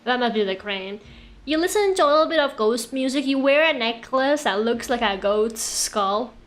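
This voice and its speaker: A woman's voice: fairly high pitch, moderate pace. A young woman whose first language is Russian, chatting casually and rambling through stories as a VTuber playing a game in an echoey room. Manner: animated, rambling storyteller who laughs often. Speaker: VTuber streamer. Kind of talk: casual gaming stream chat.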